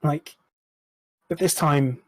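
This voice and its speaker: A man's voice: a little high, steady tone, takes it slowly, fairly bright tone, no room sound, low-quality recording. A man, speaking frankly and reflectively as a podcast guest, swearing now and then. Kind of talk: candid interview chat.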